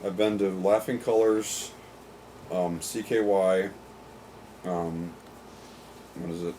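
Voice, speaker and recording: A man's voice: low voice, steady tone, slow pace, warm tone, slight background noise. A young man co-hosting a casual chat, laid-back and hesitant, with many ums. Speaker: co-host answering viewer questions.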